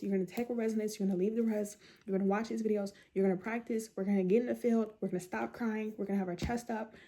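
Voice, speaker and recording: Middle-aged woman doing a motivational vlog, mellow warm tone, keeps repeating her points. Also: mid-range voice. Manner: emphatic, repetitive, direct advice. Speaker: mental health content creator. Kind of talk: motivational talk to camera.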